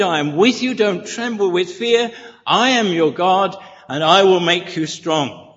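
A man delivers a sermon at an unhurried, measured pace, his voice sitting slightly high. He stresses each repeated line with earnest conviction. The recording is muffled and lo-fi, and a long church reverb trails every phrase. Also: fairly bright tone. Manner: earnest, deliberate, emphatic repetition. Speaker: preacher.

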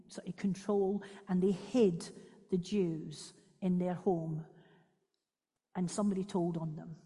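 A woman gives a devotional talk and reads aloud from a book, gentle and unhurried with small stumbles. Her voice is mellow and breathy. It rings with a long reverb. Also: medium pitch. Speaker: devotional speaker.

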